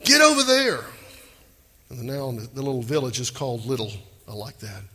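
A male pastor preaching a sermon, animated and emphatic, asking the crowd questions. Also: mid-range voice, quick pace, breathy edge, big-room sound.

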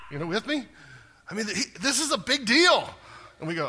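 Bright, husky-voiced male preacher. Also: very high voice, normal speed, long pauses. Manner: animated, acts out scripture quotes with rising intensity; asks the congregation direct questions. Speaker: pastor. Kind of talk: sermon.

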